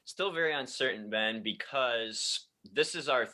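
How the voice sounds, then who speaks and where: Bright-voiced man on a sports podcast. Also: medium pitch, measured pace. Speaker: podcast co-host. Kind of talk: casual sports chat.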